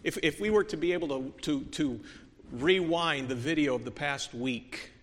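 A man preaching a sermon in a church, earnest, moving from soft, quiet stretches to emphatic peaks, with many restarts. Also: fairly high pitch, moderate pace. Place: church sanctuary. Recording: long hall reverb.

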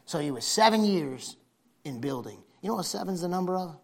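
A man's voice: big pitch swings, a little fast, vocal fry. A man preaching a sermon, folksy, repeating phrases for emphasis. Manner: builds from low conversational to shouting fervor.

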